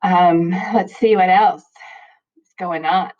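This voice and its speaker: Middle-aged woman teacher, low voice, chatty home video update with lots of laughs, dull lo-fi sound. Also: slow pace. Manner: chatty and rambling, laughs often. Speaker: high school math teacher. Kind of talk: casual video chat to students. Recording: dull lo-fi recording.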